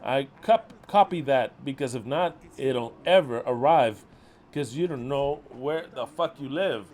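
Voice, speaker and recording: A man's voice: medium pitch, unhurried. Profane exasperated man scolding followers. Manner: profane, exasperated scolding, swings from loud outbursts to muttering. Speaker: ministry leader.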